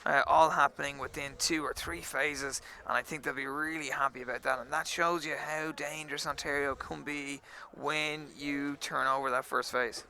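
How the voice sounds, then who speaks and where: A man provides live radio analysis of a rugby match, with a dry sense of humor. His voice is fairly high and bright, with a gravelly edge of vocal fry. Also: flat delivery, normal speed, few pauses. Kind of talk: live sports commentary.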